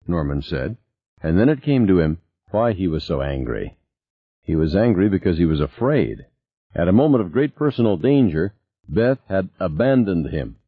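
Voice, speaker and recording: Deep husky guy reading an audiobook, dull lo-fi sound. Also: no room sound. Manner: expressive reading with character voices. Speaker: narrator. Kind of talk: audiobook narration. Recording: slightly dull lo-fi recording.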